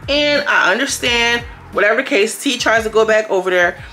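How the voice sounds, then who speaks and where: A young woman talks through a reality episode in a bright, sharp voice that sits a little high. She is animated and slangy and keeps breaking into quick impressions. Faint music plays underneath. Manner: animated and slangy, acting out quotes in character voices. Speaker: reality TV reviewer. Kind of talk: casual recap commentary.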